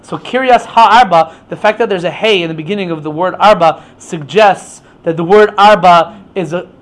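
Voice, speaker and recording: A man's voice: sits high, normal speed. A man teaching an informal Torah class, explaining with many stammered restarts.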